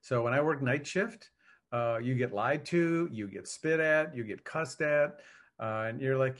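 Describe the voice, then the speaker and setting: A man in law enforcement answering interview questions in an earnest, measured way. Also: medium pitch. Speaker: law enforcement officer, guest.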